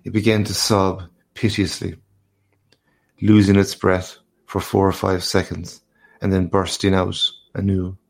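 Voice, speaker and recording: Slow, deep-voiced male storyteller. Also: vocal fry, darkish tone. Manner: measured, unhurried storytelling. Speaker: narrator. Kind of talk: audiobook reading of a classic short story.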